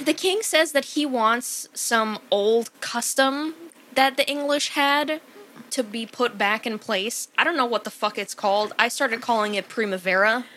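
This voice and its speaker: A woman's voice: fairly high pitch, a little slow, a bit bright, a little hiss or hum. A woman co-hosting a comedy podcast, casually retelling a film with lots of swearing and laughter. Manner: profane, laughs a lot, rambling.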